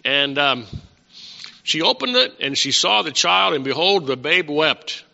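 A man's voice: on the high side, lively intonation, a little slow, creaky, sharp tone, in a large hall, highs cut off. A man preaching a casual, conversational sermon, asking his congregation questions as he teaches.

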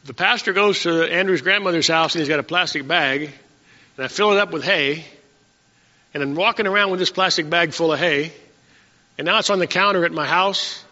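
A male pastor preaching a sermon, reading scripture slowly and then telling homespun stories to his congregation. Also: fairly high pitch, pushed and bright. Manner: reads verses slowly, then tells folksy stories. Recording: dull lo-fi church recording with long reverb.

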